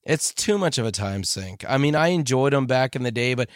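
Animated guy on a podcast, pitch bouncing around, dry sound. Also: fairly quick, no room sound. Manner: lively, chatty storytelling. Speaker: podcast co-host. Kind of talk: casual chat.

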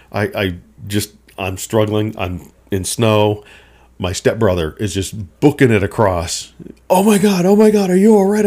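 Middle aged guy with a really low voice rambling through an old story, laughs at himself. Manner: relaxed, rambling, self-deprecating. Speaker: podcast host. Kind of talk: personal storytelling.

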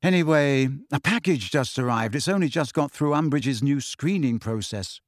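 A man's voice: mid-range voice, expressive, normal speed, no room sound, clean studio sound, close to an everyday voice. A man voicing a spirited, persistent teenage schoolgirl in an audiobook reading. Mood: urgent. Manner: earnest, persistent.

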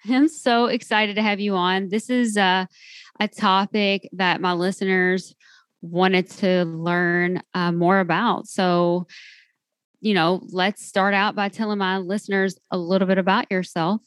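A woman's voice: medium pitch, little pitch movement, unhurried, clean tone, no echo. A woman with a Southern US accent hosting a podcast interview, chatty and rambling. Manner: chatty, rambling, with fillers and laughs. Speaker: podcast host.

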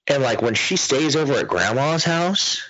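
Guy on a powerlifting-type podcast, cussing constantly, husky voice, pitch jumps all over, kinda muffled dry audio. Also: moderate pace, no room sound. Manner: loose, swearing, animated storytelling. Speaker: podcast host. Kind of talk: casual profane chat.

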